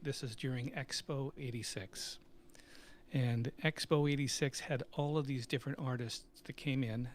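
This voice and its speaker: A man's voice: medium pitch, a little hiss or hum. A middle-aged man, a company CEO and musician, telling stories in a live Q&A and acting out the voices of people he quotes. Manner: animated anecdote-telling, acts out quoted voices, laughs often. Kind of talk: casual storytelling in a live Q&A.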